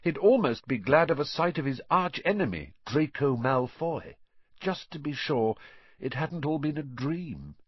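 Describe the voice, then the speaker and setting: A man reading a story aloud as an audiobook narrator, with expressive storytelling. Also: on the high side, a little slow, breathy edge, no echo, dull audio. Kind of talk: scripted narration.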